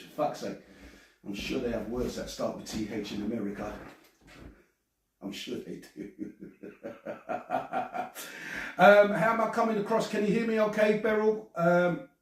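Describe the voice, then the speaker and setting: A rambling, stammering man from England hosts a casual live stream from home. His voice sits a little high and sounds roomy, as if the mic is some way off. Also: moderate pace, pauses often, far from the mic. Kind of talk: casual live chat reading comments. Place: at home, alone.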